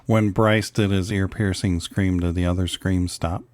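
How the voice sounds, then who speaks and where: A man with an extremely deep, low voice chats casually, mostly offering short responses and asking careful follow-up questions. The recording is dry and close, with no echo around him. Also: fairly even intonation, moderate pace. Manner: brief backchannels and careful clarifying questions. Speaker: podcast co-host and parent. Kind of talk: casual chat.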